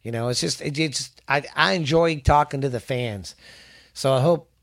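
A man's voice: mid-range voice, moderate pace, creaky. A man from Texas hosting a casual podcast, rambling, swearing and restarting sentences. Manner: rambling, profane, restarts often. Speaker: podcast host.

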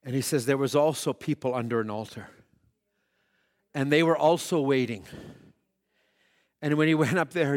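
A man preaching a sermon who swings between shouted peaks and hushed, drawn-out passages, telling stories with quoted voices. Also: medium pitch. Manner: dramatic storytelling with quoted voices.

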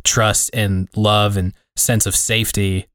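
A man's voice: on the low side, little pitch movement, takes it slowly, fairly bright tone, no room sound, clean studio sound. A man co-hosting a podcast, talking in a reflective, rambling way full of fillers. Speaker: podcast co-host. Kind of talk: casual conversation.

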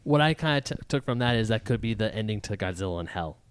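A man's voice: on the low side, animated, fast, clear, resonant tone. A man in a casual chat, listening closely and chiming in often.

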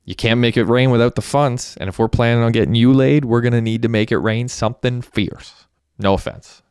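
A man's voice: mid-range voice, fairly even intonation, brisk, a little mellow, clean tone, dry recording, clean studio sound, close to an everyday voice. A man doing a brash, joking young guy. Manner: brash, teasing and upbeat. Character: cocky, joking young man, the group's clown.

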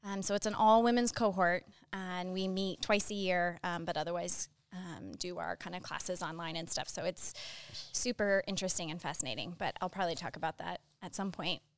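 Bubbly young woman with a smooth voice. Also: lowish voice, fairly even intonation, brisk, no room sound. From Phoenix, Arizona. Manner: bubbly, laughs often, many fillers. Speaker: community outreach leader and co-host. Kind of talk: casual podcast conversation.

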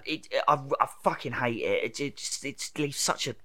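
A man's voice: medium pitch, expressive, normal speed, bright, forceful tone. Swearing, ranting man. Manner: ranting, swears freely, acts out quotes. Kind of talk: casual chat.

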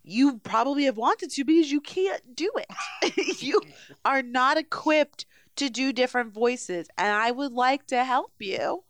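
A woman's voice: high-pitched, expressive, a little slow, dry recording. A woman co-hosting a podcast in casual chat, playful and teasing, often laughing, recorded close on a podcast mic. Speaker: podcast co-host. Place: home podcast setup in New York.

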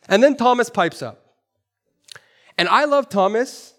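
High-voiced man preaching a sermon. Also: unhurried, pauses often. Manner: animated, rhetorical questions, repeats phrases for emphasis. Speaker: pastor.

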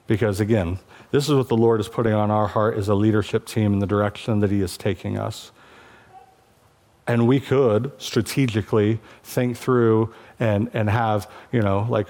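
A man's voice: on the low side, a little mellow. Passionate man preaching a sermon. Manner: passionate, conversational preaching with rising emphatic peaks. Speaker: pastor.

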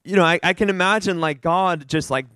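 A man giving an earnest, animated testimony to a church gathering, rambling and restarting as he talks. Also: sits high, brisk, dry recording, poor audio. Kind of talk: informal sermon sharing.

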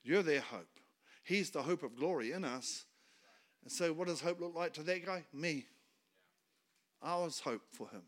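A man preaches a sermon as a guest speaker, his voice sitting a little higher than most men's. He talks in short, colloquial bursts and swings between quiet and loud, emphatic lines. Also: measured pace, pauses often.

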